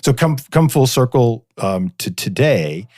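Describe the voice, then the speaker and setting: On a laid-back podcast interview, a northeastern Pennsylvania man who directs a preservation society spins local history stories, chatty and packed with fillers. His mid-range voice swings widely in pitch, moves unhurriedly, and has a slightly mellow tone in a clean, echo-free studio recording.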